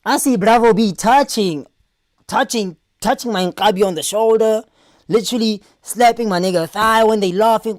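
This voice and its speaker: A man hosting a live reaction stream, loud and animated, with crude banter and put-on voices. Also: high voice, normal speed, no room sound.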